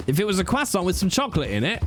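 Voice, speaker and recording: A man streaming a game, chatting casually, animated and swearing freely as he rants. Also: sits high, rapid-fire, noisy background.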